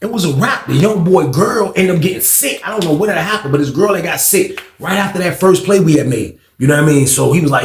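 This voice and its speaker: A man telling a story in a casual, slangy, animated way, acting out the quotes. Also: on the high side, fast talker, hardly any pauses, a little hiss or hum. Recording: echoey room.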